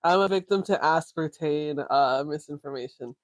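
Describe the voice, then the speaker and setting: A man co-hosting a podcast, teasing his friend with quick interjections in casual chat. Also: a little high, no room sound. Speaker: podcast co-host.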